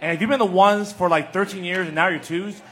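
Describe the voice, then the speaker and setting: A man's voice: high-pitched, fairly even intonation, fast, fairly bright tone. A man hosting a casual podcast chat, teasing the others and steering the talk. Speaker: podcast host.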